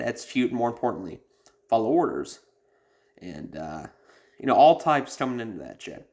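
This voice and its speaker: Blunt, profane man talking casually. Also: mid-range voice. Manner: blunt, profane, rambling with many fillers. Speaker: podcast host. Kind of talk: casual advice talk.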